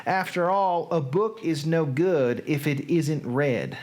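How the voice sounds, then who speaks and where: A host reading a letter from a woman aloud, slowly and deliberately, in a put-on Southern US accent. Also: medium pitch, darkish tone, natural voice. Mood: fond. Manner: slow and deliberate.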